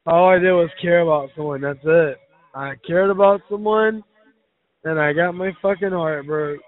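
A drunk man calling in, whining and cursing loudly about being wronged. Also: a little high, moderate pace, no room sound. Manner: slurred, self-pitying, cursing and shouting. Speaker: caller. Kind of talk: angry phone rant. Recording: tinny phone line.

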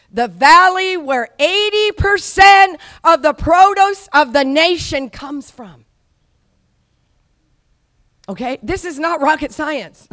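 A middle-aged woman preaching a charismatic sermon, exhorting her audience to repeat after her and building to shouts. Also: sits high, no room sound. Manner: exhorting, call-and-response with the audience, rising to shouts.

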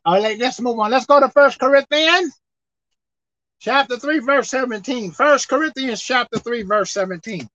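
Male preacher with a high voice, drawn-out scripture reading and sudden shouts, on a dull lo-fi recording. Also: no echo. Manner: emphatic, repeats lines, reads scripture slowly, bursts into shouting. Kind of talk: fiery sermon.

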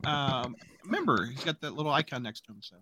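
Bright, animated male host; dad-joke punner reading chat aloud. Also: medium pitch, fairly quick. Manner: punning, reads live chat aloud. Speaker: podcast host. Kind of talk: casual comic book review chat.

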